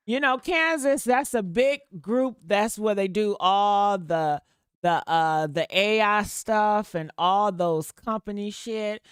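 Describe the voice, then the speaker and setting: A woman's voice: medium pitch, slow, clear, resonant tone, no room sound, studio quality. A woman giving blunt, profane, sassy commentary on a livestream, calling her listeners honey. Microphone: desktop mic.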